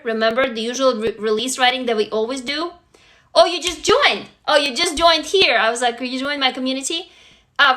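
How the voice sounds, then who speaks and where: High and sharp-toned, a woman hosts a casual livestream, speaking directly to her viewers as she coaches them through writing prompts and gushes over every newcomer.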